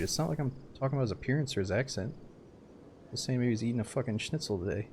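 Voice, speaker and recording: A man streaming a survival game, giving live commentary with excitable, profane, joking banter. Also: mid-range voice, quick pace, a little hiss or hum.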